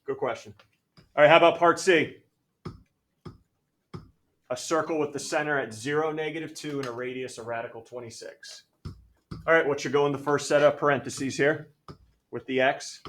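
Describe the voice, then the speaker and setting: A male math teacher lecturing a classroom, energetic and jokey, calling on students by name. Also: on the high side, moderate pace, long pauses, a little hiss or hum. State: out of breath.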